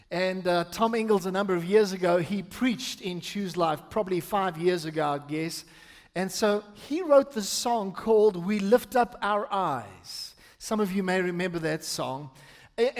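A man preaching a sermon as pastor, reading scripture slowly and emphatically and calling the congregation to respond. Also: sits high, in a large hall. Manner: slow, emphatic reading with pauses for meaning. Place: church with an overflow hall.

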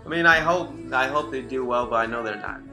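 Gravelly laid-back male co-host. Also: mid-range voice, a little fast, over music. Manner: laid-back, laughs easily. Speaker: podcast co-host. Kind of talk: casual sports chat.

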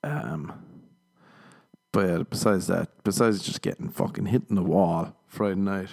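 A man's voice: low voice, measured pace, creaky, darkish tone. A man, a comedian rambling casually on his podcast, self-mocking and swearing a lot. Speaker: podcast host. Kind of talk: casual solo podcast chat.

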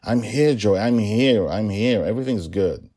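A man's voice: fairly low pitch, moderate pace, pitched above the performer's own voice, close to an everyday voice. A man voicing a devoted father who calls out to his frightened daughter and then comforts her. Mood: soothing. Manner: urgent shouting, then soothing. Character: a determined, loving father rushing to his daughter.

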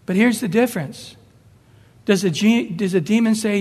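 Emphatic high-voiced male preacher. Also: normal speed, a little mellow, in a large hall. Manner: emphatic, rising and falling, acts out quoted voices. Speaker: pastor. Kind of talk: sermon.

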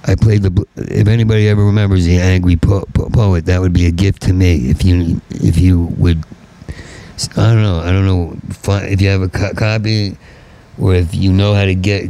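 A man's voice: sits low, fairly even intonation, moderate pace, creaky, mellow, low-quality recording. A middle-aged man with a heavy stutter, delivering a rambling, bitter stand-up monologue. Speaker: stand-up comedian.

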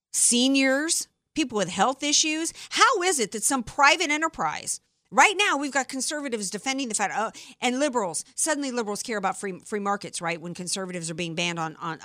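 A woman from the American Deep South, hosting a talk radio show with emphatic, opinionated chatter. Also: pushed and bright, dry recording, clean studio sound. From Deep South of the United States. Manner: emphatic, opinionated, quick asides.

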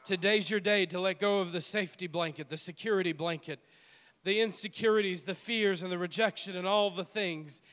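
A man's voice: sits high, brisk, a bit bright. A man preaching a sermon as pastor in a church, with an impassioned, repetitive preaching cadence. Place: church sanctuary.

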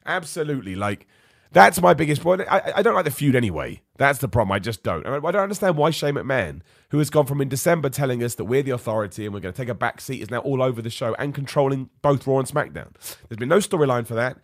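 Ranty man with a lively voice. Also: medium pitch, fast, gravelly, no echo, studio quality. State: ill, voice going. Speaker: wrestling podcast host. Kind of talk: live-streamed podcast rant.

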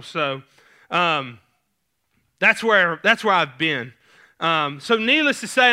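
A man's voice: high-pitched, bright, forceful tone, clean tone. A man with a Southern US accent, a youth pastor preaching a sermon in a casual, conversational way with many fillers. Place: church sanctuary stage.

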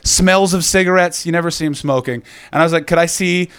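High-voiced profane comedian. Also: male voice, quick pace, smooth. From North America. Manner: profane, animated riffing with the crowd. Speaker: stand-up comedian. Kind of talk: stand-up crowd work. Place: comedy club stage.

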